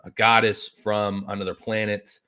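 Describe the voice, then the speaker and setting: Brief: deep-voiced male podcast host, bright forceful tone, profane rambling storyteller. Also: flat delivery, moderate pace, clean tone. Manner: profane, rambling, lots of filler words. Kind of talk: casual storytelling chat.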